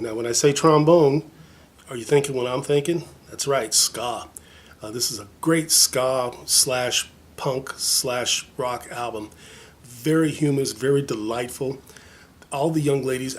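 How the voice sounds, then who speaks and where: A man chatting casually to his viewers as he shows off records from his collection, rambling and joking at his own expense, with plenty of fillers. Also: medium pitch. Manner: rambling, chatty, self-mocking, many fillers. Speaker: vinyl collector vlogger. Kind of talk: casual show-and-tell chat.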